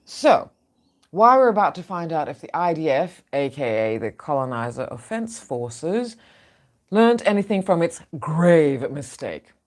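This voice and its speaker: A woman's voice: deep voice, sing-song, unhurried, darkish tone. A woman hosting an opinionated news show, outspoken and sarcastic in her asides.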